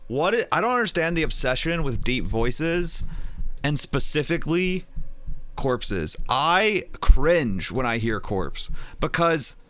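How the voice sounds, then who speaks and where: A man's voice: a little high, big pitch swings, slow pace, fairly bright tone. A man chatting casually on a live stream, rambling with lots of fillers and restarts.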